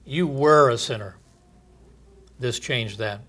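Each thought in this man's sermon climbs to emphatic, drawn-out phrasing at a louder volume before settling into a low, quiet finish. Between points he lets out short chuckles.

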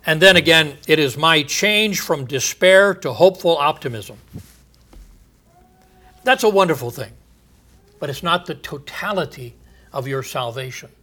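A man preaching a sermon, building to emphatic, drawn-out phrases and dropping to a quiet low voice at the ends of thoughts, with short chuckles between points. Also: animated. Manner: emphatic, stretching key phrases with rising volume.

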